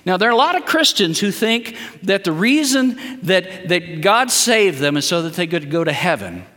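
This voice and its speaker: A man's voice: high voice, a bit bright, in a large hall. A man preaching a sermon as a guest preacher, leading the congregation in call-and-response statements.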